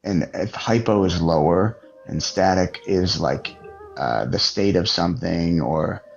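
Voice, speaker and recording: Low, creaky man on muffled audio. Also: soft background music. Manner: puzzles aloud, halting. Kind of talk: casual livestream chat.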